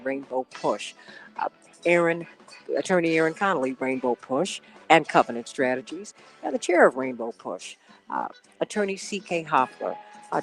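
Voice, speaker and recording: A woman's voice: deep voice, poor audio. A woman hosting a live radio talk show, speaking with an impassioned, preacherly cadence.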